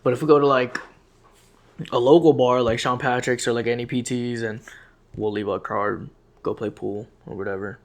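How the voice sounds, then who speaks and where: Young man, mid-pitched voice, easygoing podcast chat, loose retelling. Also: moderate pace. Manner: relaxed, loose retelling with fillers and laughs. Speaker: podcast co-host. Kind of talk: casual chat.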